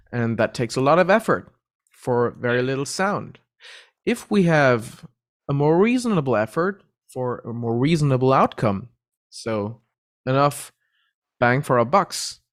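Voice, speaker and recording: A man teaching a relaxed vocal lesson, explaining voice registers and demonstrating the sounds himself. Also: mid-range voice. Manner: relaxed, explains terms patiently, breaks into vocal demos. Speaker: vocal coach.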